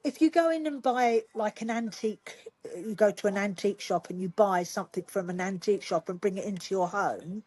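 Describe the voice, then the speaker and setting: A woman, a Reiki teacher, calmly explaining energy healing in a podcast conversation. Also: mid-range voice, brisk, few pauses, breathy edge, no echo. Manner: calm, explanatory, guiding. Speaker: Reiki master teacher guest.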